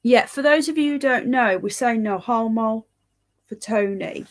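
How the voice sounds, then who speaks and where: A woman on a relaxed home livestream, tired and yawning as she chats. Her voice sits a little high, loose and rambling, with a casual swear here and there. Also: a little slow. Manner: chatty, rambling, swears casually, greets viewers by name. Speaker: livestream host reading live chat.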